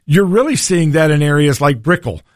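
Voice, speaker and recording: A man's voice: on the high side, animated, moderate pace, dry recording, clean studio sound. A man hosting a political talk radio show, folksy and combative in his delivery. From Tennessee.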